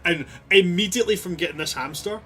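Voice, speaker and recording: A man narrating as game master of a tabletop game, lively and laughing as he tells the scene. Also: high voice, quick pace. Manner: animated, laughing storyteller.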